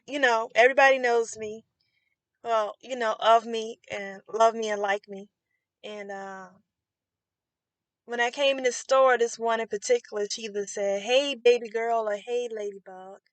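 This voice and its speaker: A woman vlogger telling a personal story in a slow, reflective way, with many pauses and fillers. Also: a little high, steady tone, no room sound. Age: adult. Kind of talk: casual storytelling to camera.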